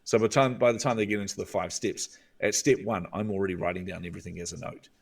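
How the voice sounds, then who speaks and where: Kiwi guy, lowish voice, a bit far from the mic, animated storyteller. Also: vocal fry, slightly rough. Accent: New Zealand. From New Zealand. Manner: animated, acts out inner voices with drawn-out "hmm". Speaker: guest, visibility coach. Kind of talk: storytelling interview talk.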